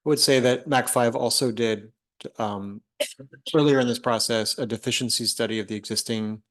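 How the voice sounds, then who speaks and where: A man at a public meeting adding a measured, matter-of-fact remark. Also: medium pitch, fairly even intonation, fairly bright tone.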